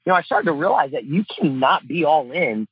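A middle-aged man who is a father and coach talks earnestly and heartfelt in a casual interview, using lots of fillers like "you know" and "man." His somewhat high, expressive voice moves a little fast and sounds slightly rough, with no echo and the highs cut off.

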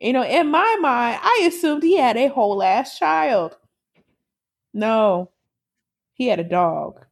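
Woman, slightly higher voice, animated storyteller, laughs, swears casually; podcast chat. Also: takes it slowly, creaky, pauses often.

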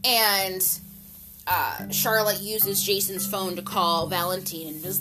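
A woman casually recapping a soap opera episode in an animated, gossipy way, using slang and an occasional swear word. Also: slow. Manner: jumps to high, loud pitch for excited retellings. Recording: music playing clearly behind the voice.

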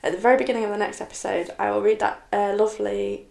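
A young woman talking to camera in a personal confessional vlog, halting and tearful, often breaking off and restarting her sentences. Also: mid-range voice, steady tone, creaky, reverberant. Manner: halting, many restarts and soft trailing phrases. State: tearful, upset. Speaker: vlogger.

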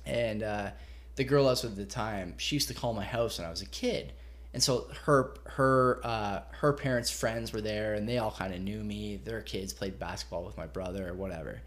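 A man casually telling a long anecdote on a podcast, swearing freely and animated. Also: lowish voice, normal speed. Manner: profane, animated retelling with acted quotes. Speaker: storyteller guest.

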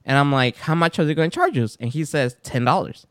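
Animated man telling stories on a podcast. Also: fast talker, hardly any pauses, no echo. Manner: animated storyteller, acts out quotes with big pitch jumps. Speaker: podcast host. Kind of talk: casual chat.

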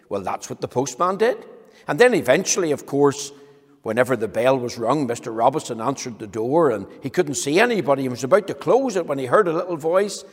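A man gently telling a story to children as part of a talk, speaking slowly. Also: mid-range voice, animated. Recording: echoey hall with long reverb.

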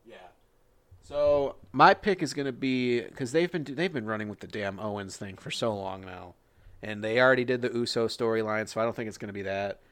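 A man's voice: mid-range voice, fairly even intonation, fairly quick, a bit bright, dry recording. A man co-hosting a casual wrestling podcast, joking and swearing as he rambles through predictions. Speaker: podcast co-host.

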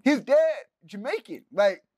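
A man co-hosting a podcast, talking in an emphatic, slangy way and repeating his points. His voice sits a bit high, and the sound is dry and close. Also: sing-song, measured pace, a little mellow, no echo. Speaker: podcast co-host. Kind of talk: casual chat.

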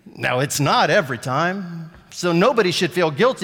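A man preaching a sermon as a pastor, telling a story and acting out the lines of the people in it, getting louder and quieter as he goes. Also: on the high side, moderate pace, husky, in a large hall. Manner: animated, acts out quotes with shifting volume.

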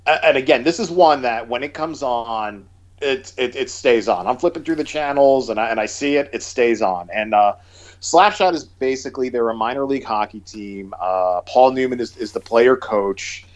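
A man's voice: mid-range voice, moderate pace. A man talks casually about movies in an ordinary mid-range voice. He rambles, circling back with fillers and restarts as he goes.

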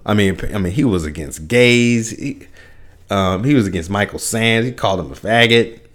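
A man's voice: lowish voice, expressive, measured pace, fairly bright tone. A young man hosting a solo podcast, ranting with profanity, frequent restarts and bursts of laughter. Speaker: podcast host.

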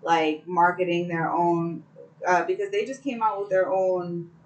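A woman's voice: on the low side, fairly even intonation, unhurried, rough recording. Opinionated woman rambling in casual chat.

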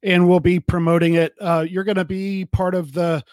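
Halting podcast host, dry sound. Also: male voice, high-pitched, level tone, a little mellow, no echo. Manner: halting, many fillers. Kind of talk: casual podcast interview.

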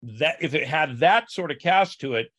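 A man speaking as a scholar guest on a podcast interview, with an explanatory, teacherly manner. His voice is bright and forward. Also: fairly high pitch, animated, moderate pace, no room sound.

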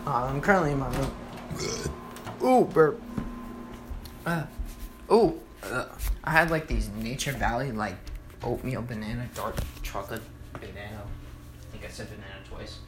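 A young man hosting a podcast from home, rambling casually and cursing, with sudden loud outbursts. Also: mid-range voice, measured pace, pauses often. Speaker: podcast host. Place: at home, in his room and kitchen. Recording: echoey room with background noise.

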